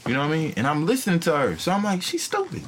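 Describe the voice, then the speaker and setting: A man co-hosting a podcast, telling a profane, animated story in casual chat and acting out what people said. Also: on the high side, racing, noisy background. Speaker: podcast co-host.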